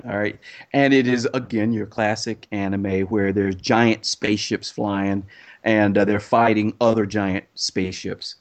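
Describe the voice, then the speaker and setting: A man's voice: lowish voice, fairly even intonation, a little slow. A man ranting in a casual chat, acting out scenes in quoted voices.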